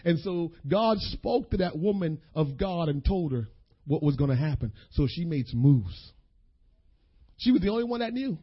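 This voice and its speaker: A male preacher with a husky, fairly high voice delivers a folksy, impassioned sermon. He talks straight to the congregation. The audio of this church recording is dull and lo-fi. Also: lively intonation, moderate pace.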